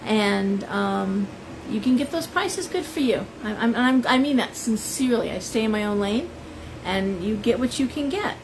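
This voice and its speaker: A woman's voice: a little high, expressive, normal speed, background noise. A middle-aged woman, a shop owner, chatting casually on a live stream and greeting viewers by name. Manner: chatty, rambling, reads out viewer names.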